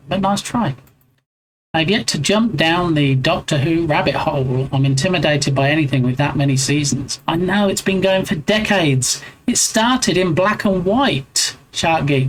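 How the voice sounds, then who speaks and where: A man's voice: on the high side, a little hiss or hum, poor audio. Chatty English man streaming live. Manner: chatty, reads out and answers chat with playful banter. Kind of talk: casual chat with viewers.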